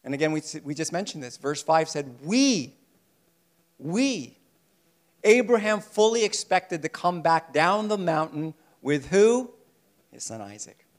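High-voiced man preaching a sermon. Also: moderate pace. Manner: animated preaching, acts out voices from the story. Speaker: pastor.

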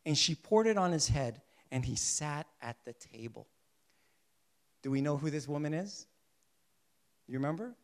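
An animated, high-voiced preacher quizzes his congregation in a sermon, asking rhetorical questions and supplying the answers. He alternates quiet, slow emphasis with louder outbursts.

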